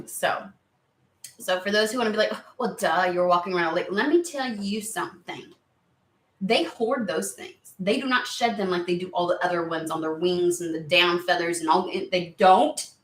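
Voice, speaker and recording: A woman chatting excitedly and rambling on tangents during a spiritual card reading video. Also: fairly low pitch, moderate pace. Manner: excitable, rambling, lots of exclamations. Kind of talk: casual chatty reading vlog. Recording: roomy echo.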